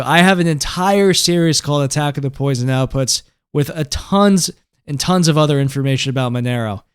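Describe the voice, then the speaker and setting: A man walking viewers through a tech tutorial in a relaxed, chatty way, often tagging his points with "right?" and "okay?". His voice comes across smooth and resonant. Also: fairly high pitch. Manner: conversational, keeps checking in with "right?" and "okay?". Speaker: host.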